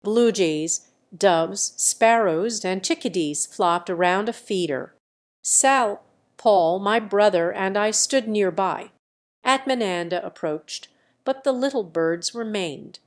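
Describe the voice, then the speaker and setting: A woman narrating a memoir as an audiobook, in an even, steady reading voice. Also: mid-range voice, slow pace.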